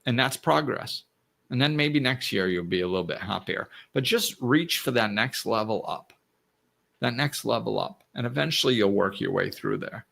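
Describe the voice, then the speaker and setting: A man's voice: mid-range voice, lively intonation, moderate pace, creaky. A man hosting his own show, talking earnestly and reassuringly in a reflective solo talk, often restarting his sentences. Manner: earnest, gently reassuring, with frequent restarts and "you know". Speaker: podcast host.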